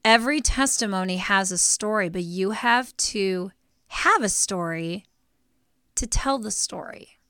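A woman's voice: medium pitch, a little slow, clear, resonant tone, no echo, clean studio sound. A woman co-hosting a faith podcast, telling stories with a lot of emotion. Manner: emotional, animated storytelling. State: teary. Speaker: podcast co-host. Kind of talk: casual faith talk.

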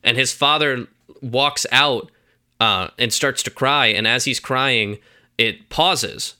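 A man's voice: mid-range voice, takes it slowly, sharp tone, clear, resonant tone. A young man on a casual podcast, retelling a movie plot with lots of fillers and acted-out quotes. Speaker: podcast co-host.

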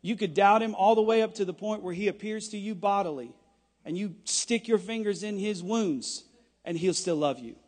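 A man preaching a sermon with passion, rising at times to shouting. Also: high-pitched, moderate pace, big-room sound.

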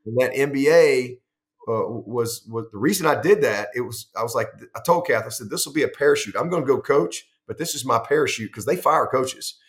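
In a conversational interview, a head football coach in middle age delivers long, lively stories, acting out quoted dialogue and frequently restarting sentences. His voice is medium in pitch and his pace a little fast.

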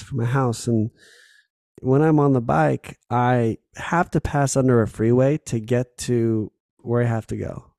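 A man talks through a solo podcast episode in an easygoing, candid way, swearing freely and acting out small scenes as he goes. His voice is low and gravelly with a mellow, warm tone. It sounds close and dry. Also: dry recording. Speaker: podcast host. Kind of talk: casual solo podcast talk.

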